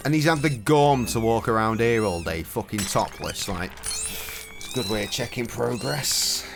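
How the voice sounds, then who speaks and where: A man's voice: mid-range voice, moderate pace, creaky, music in the background. A middle-aged man, streaming a video game at home and telling stories in sweary, cheeky banter. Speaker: gaming streamer. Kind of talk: casual commentary with storytelling. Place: home, indoors.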